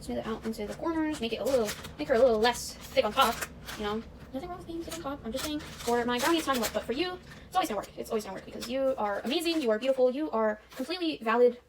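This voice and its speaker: A young woman talks fast and a little high as she bakes in her home kitchen, joking at her own expense and breaking into snatches of show tunes. She is heard from a camera set some way off. Clear noise runs under her voice. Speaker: vlogger. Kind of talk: casual baking vlog chat. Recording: distant camera mic with noise.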